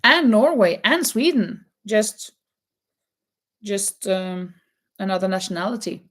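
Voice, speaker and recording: A woman's voice: medium pitch, lively intonation, slow, a bit bright. A woman hosting a live crochet chat, reading out quiz questions and answering viewers, laughing often. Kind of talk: casual live-stream chat.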